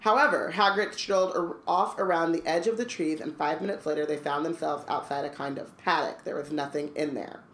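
A woman's voice: low-pitched, fairly even intonation, brisk, hardly any pauses, fairly bright tone. A woman co-hosting a podcast, reading a book aloud and chatting with lots of laughs. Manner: chatty, laughs often, fillers. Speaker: podcast co-host. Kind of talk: casual chat and reading aloud.

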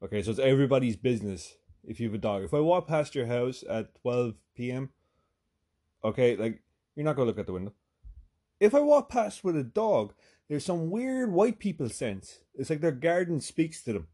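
A man's voice: medium pitch, big pitch swings, normal speed, warm tone. Profane Irish man telling a story. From Ireland. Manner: profane, with sudden bursts of emphasis; chatty, with frequent "right?" asides. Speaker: podcast host. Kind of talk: comic storytelling monologue.

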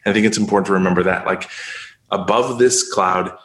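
A man's voice: low voice, fairly even intonation, a little fast, a bit bright. Rambling encouraging man, roomy sound. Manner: loose, rambling, full of "like". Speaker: guest speaker. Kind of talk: casual interview talk.

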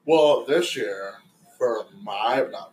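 A man's voice: medium pitch, slow, darkish tone, faint music behind. A man in his late twenties, chatting casually with friends and telling a rambling story, swearing freely and acting out other people's lines. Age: late 20s. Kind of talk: casual chat among friends. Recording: echoey room, mic set back.

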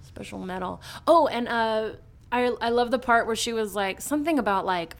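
A woman casually recapping a horror comic in chat, animated, dropping into quick character voices with lots of fillers. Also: on the high side. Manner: chatty, lots of fillers and restarts. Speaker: podcast co-host recapping a comic.

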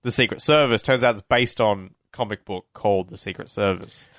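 A man's voice: lowish voice, a little fast, a bit bright, dry recording, studio quality. Rambling male podcast co-host. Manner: rambling, self-correcting storyteller. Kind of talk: casual chat.

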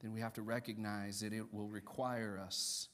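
A man preaching as pastor in a church service, rising to loud, animated peaks and dropping soft for solemn points. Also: fairly low pitch, normal speed. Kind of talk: sermon. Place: church sanctuary during a service.

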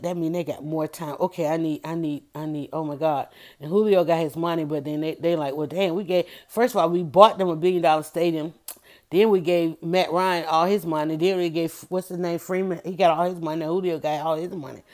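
A woman host, telling an animated story to her viewers in casual chat, laughing often. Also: mid-range voice. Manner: animated, chatty, laughs often, talks straight to her audience.

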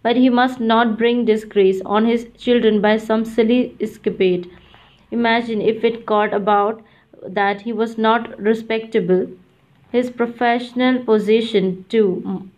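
A woman narrating a novel in a measured, even reading. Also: fairly high pitch. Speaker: audiobook narrator. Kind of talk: scripted narration. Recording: dull lo-fi audiobook recording.

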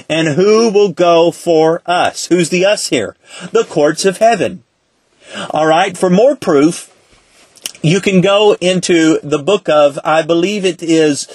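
A man teaching a Bible study lesson in a conversational way, asking rhetorical questions and slowing down to quote scripture. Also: a little high, no room sound.

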